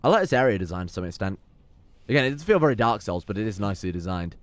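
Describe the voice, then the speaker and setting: A man's voice: on the low side, very animated, racing, no echo. A man giving sweary, sarcastic let's play commentary while playing a game. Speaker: gameplay commentator.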